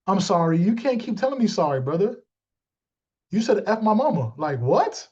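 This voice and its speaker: A man giving a motivational talk to his team, animated and streetwise, calling out listeners by name. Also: sits high, normal speed, highs cut off. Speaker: team leader.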